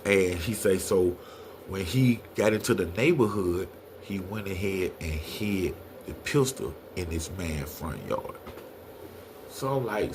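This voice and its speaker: A middle-aged man tells a story in casual conversation, speaking slowly and animatedly. He acts out the quoted lines in a raised, higher voice. There's noise in the background.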